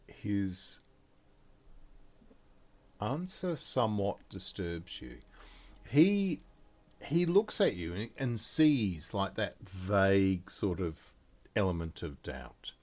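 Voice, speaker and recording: A man runs a tabletop game as its game master, talking slowly and with plenty of pauses and restarts. His voice sits low but swings up and down a lot. The narration is relaxed and unhurried. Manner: relaxed, halting narration with fillers.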